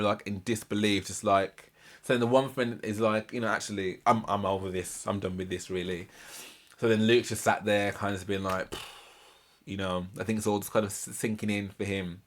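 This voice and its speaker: A man hosting a reaction channel, commenting casually and emphatically. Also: fairly low pitch. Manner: animated, emphatic, repeats himself for emphasis.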